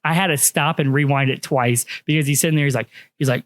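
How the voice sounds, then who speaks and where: A man co-hosting a podcast in casual chat, animated, acting out quotes and swearing freely. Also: on the high side, fast, hardly any pauses. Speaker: podcast co-host.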